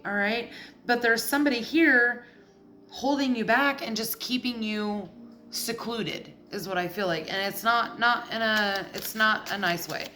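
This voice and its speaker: A woman's voice: fairly high pitch, pushed and bright, a little hiss or hum. A woman giving a casual tarot reading, blunt and profane, getting heated as she goes. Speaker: tarot reader.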